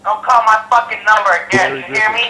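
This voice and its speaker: A man's voice: high voice, little pitch movement, fast, a loud crowd. A man taking a phone call, hostile and profane, repeating himself as he tells the caller off. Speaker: prank call target. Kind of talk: angry phone conversation. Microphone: telephone. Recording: echoey phone line with faint noise.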